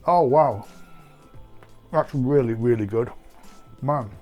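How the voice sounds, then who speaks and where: A man talks through a casual food taste-test vlog in an ordinary mid-pitched voice. His delivery is chatty and rambling, full of ums and uhs. Faint music plays quietly behind him. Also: takes it slowly, lo-fi sound. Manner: chatty and rambling, with many fillers. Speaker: food vlogger.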